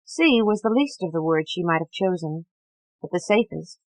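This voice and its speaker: A woman audiobook narrator reading a novel with a measured, dramatic delivery that drops to hushed passages. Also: lowish voice, lively intonation, no room sound, low-quality recording. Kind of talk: scripted literary narration.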